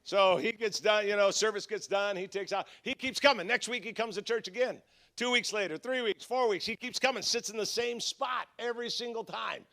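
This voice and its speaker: Male pastor, high voice, animated conference sermon storyteller who acts out the voices. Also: a little fast, vocal fry.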